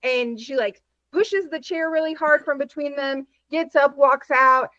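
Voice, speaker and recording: A woman from Texas chatting as a guest, telling stories in an animated, rapid way over a video call. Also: high voice, no room sound, dull audio. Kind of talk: casual chat.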